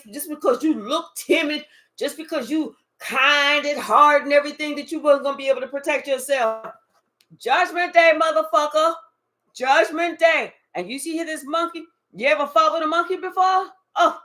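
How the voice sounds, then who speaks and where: A woman's voice: high-pitched, pushed and bright. A woman doing a tarot reading to camera, emphatic and profane, talking straight to the viewer and murmuring asides to spirit. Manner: emphatic, swearing, addresses the viewer directly. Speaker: tarot reader. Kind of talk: channeled card reading, casual and profane.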